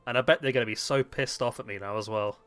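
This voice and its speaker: A man's voice: mid-range voice, quick pace, a bit bright, clear, resonant tone, soft background music. A man chatting casually while playing a game, joking, swearing and laughing often. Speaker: gaming video host. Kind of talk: casual chat while gaming.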